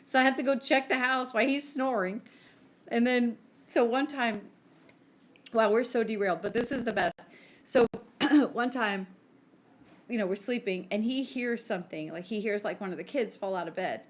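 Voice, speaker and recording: A woman in her thirties, co-hosting a podcast, telling stories in animated casual chat and acting out the quotes. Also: fairly high pitch, normal speed. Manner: animated storyteller who acts out quotes. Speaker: podcast co-host.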